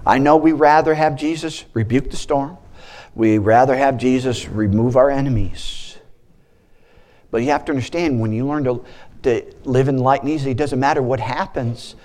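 A man preaching a sermon as a pastor, animated and mixing in joking asides. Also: medium pitch, moderate pace.

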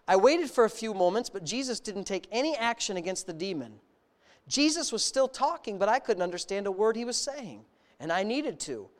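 A preacher giving a sermon, reading a story aloud and stopping to comment and ask the congregation questions, in an earnest, emphatic way. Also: medium pitch.

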